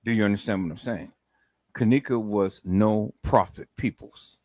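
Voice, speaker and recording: A man's voice: lowish voice, moderate pace, a little mellow, no echo, rough recording. A man giving heated livestream commentary, cursing heavily and repeatedly addressing his audience in an angry, incredulous rant.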